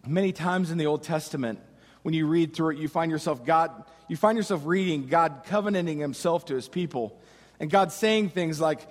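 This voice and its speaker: A man preaching a sermon as pastor, with slow dramatic pauses and impassioned cries. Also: sits high, in a large hall.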